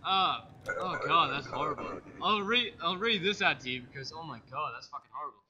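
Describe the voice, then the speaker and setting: A young Australian man giving loud, excitable let's play commentary and swearing freely. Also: a little high, brisk, lo-fi sound, crowd noise. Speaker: gaming YouTuber.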